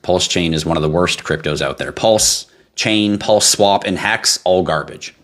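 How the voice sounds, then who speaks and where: A man's voice: deep voice, a little slow, fairly bright tone. A middle-aged man hosting a crypto livestream, chatting casually and bluntly as he reads and answers viewer comments. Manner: blunt, ranting, swears, laughs at himself.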